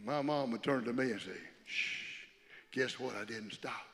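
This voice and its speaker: A male pastor preaching a sermon to a congregation, swinging from loud preaching to a hushed near-whisper and calling on the people to respond. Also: mid-range voice, brisk. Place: church. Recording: long reverb of a church hall.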